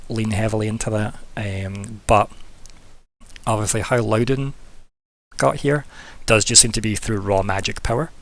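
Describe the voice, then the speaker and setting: A man's voice: fairly low pitch, steady tone, normal speed. A man, narrating a tabletop fantasy game as game master, in a casual, rambling way with many fillers.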